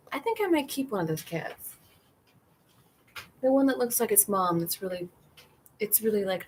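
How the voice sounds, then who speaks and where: A woman's voice: mid-range voice, darkish tone. Brief: rambling, laughing woman hosting a livestream outdoors, with faint noise behind her. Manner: chatty, rambling, laughs often. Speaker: livestream host. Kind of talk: casual livestream chat.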